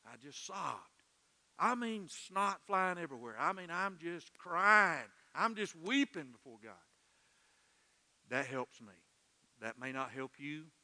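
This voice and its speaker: A middle-aged male pastor preaching a sermon in a church, earnest and emotional, dropping soft and then swelling loud. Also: on the high side, sing-song, slow, long reverb tail. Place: church sanctuary.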